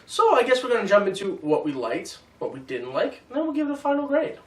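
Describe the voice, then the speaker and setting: Animated joking guy reviewing movies, sounds a ways from the mic in a roomy space. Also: high-pitched, quick pace. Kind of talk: casual movie review chat. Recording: roomy echo, mic at a distance.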